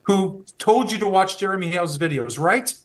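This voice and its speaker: A man with a fairly high-pitched voice asks a witness questions. His tone is measured and persistent as he presses her on which questions she will answer. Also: expressive. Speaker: questioning attorney.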